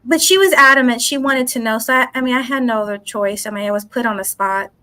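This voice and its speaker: A woman, a psychic guest in a casual interview, telling her story in an animated way and acting out what people said, swearing freely. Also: fairly high pitch, fast talker.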